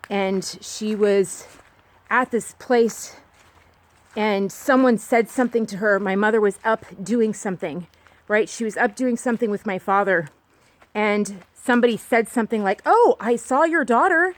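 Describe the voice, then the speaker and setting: A woman's voice: medium pitch, fairly even intonation, measured pace. Woman vlogger, talking to a phone outdoors, earnest and digressive, mid-range voice. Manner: rambling and earnest, with frequent restarts. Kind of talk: candid personal monologue. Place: outdoors on a walk.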